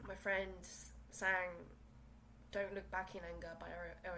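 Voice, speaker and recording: Heavy background noise surrounds a gravelly, fairly low-pitched voice with a steady tone and measured pace. It belongs to a young South Korean woman hosting a casual solo podcast in English, her second language, from her small room, rambling through fillers and restarts.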